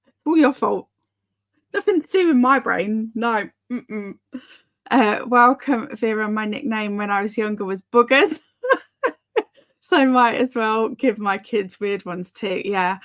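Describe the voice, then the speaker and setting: A woman's voice: mid-range voice, fairly bright tone. A woman in her thirties hosting a casual live reading stream, chatting and giggling as she reads out viewer comments.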